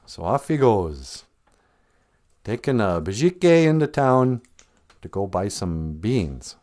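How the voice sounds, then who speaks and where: A man's voice: fairly low pitch, sing-song, takes it slowly, darkish tone. A man hosting a podcast livestream, telling a folk tale in a jokey, folksy, casual way and laughing often. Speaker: podcast host and storyteller.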